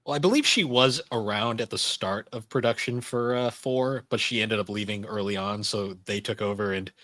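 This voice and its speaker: Guy hosting a gaming podcast, steady and methodical, dry close mic. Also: lowish voice, normal speed, dry recording. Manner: steady, reviewing games point by point. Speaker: podcast host. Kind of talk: casual podcast chat.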